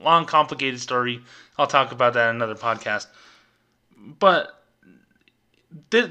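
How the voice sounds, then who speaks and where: A middle-aged man talks on his podcast in a sarcastic, exasperated rant, picking apart stiff corporate language. His voice has a bright, forceful edge, and he keeps a mocking tone throughout. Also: fairly high pitch. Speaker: podcast host, former bank employee. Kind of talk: ranting commentary.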